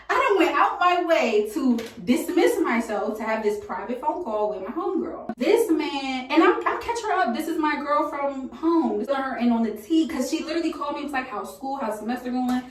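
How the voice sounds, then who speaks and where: Animated young woman telling a story. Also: sits high, moderate pace, hardly any pauses. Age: young adult. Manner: animated, slangy storytelling with laughs. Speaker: storytime vlogger. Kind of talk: casual storytime chat. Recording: echoey room from a distance.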